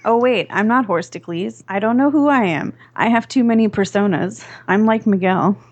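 A woman's voice: mid-range voice, normal speed. A woman co-hosting a casual podcast, playful and teasing. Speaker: podcast co-host.

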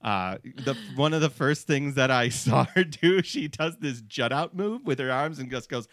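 A man hosting a podcast, heaping praise on his guest in a halting way, with many restarts. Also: mid-range voice, animated, fairly bright tone, dry recording, studio quality. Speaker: podcast host. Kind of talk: casual podcast chat.

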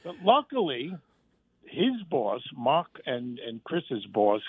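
Man guest, phone-line interview, animated storyteller who mimics voices, tinny and dry. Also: mid-range voice, slow, husky, no echo. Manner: animated anecdotes, acts out quoted voices. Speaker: guest, former sitcom writer and warm-up comic.

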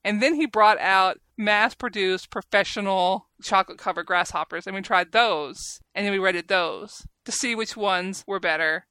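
A woman's voice: medium pitch, moderate pace, few pauses, sharp tone, clear, resonant tone, no echo. A woman with a Southern US accent, co-hosting a casual podcast chat, chatty and self-deprecating. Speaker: podcast co-host.

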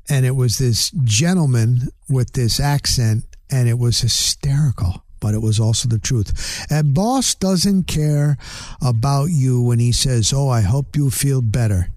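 A man's voice: medium pitch, dark tone, dry recording, clean studio sound. A middle-aged man hosting his podcast, talking casually and bluntly in a rambling solo wrap-up with frequent restarts. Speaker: podcast host. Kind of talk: casual solo outro monologue.

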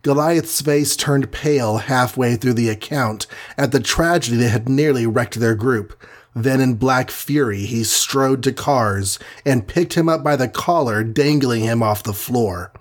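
A man's voice: mid-range voice, a little slow. A man narrating a superhero storybook with a dramatic, vivid reading. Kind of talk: scripted audiobook narration.

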